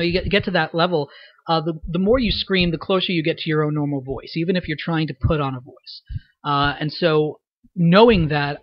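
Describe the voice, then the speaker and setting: A man giving a reflective audio commentary on his voice acting, explaining his choices thoughtfully with frequent pauses and fillers. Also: on the high side, no echo, lo-fi sound.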